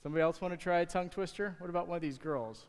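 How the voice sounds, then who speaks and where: A man talking to the kids in church, giving a casual, halting object lesson from the stage. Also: high voice, clear, resonant tone. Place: church sanctuary. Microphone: handheld or stage mic. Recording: hall reverb in a sanctuary.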